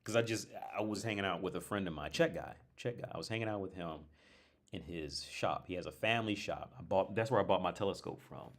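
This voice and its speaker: A man's voice: low-pitched, a little fast. A man from North America hosting a casual livestream, telling rambling stories with restarts and blunt, profane asides. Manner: rambling, digressive storytelling with frequent restarts. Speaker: livestream host. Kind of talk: casual chat.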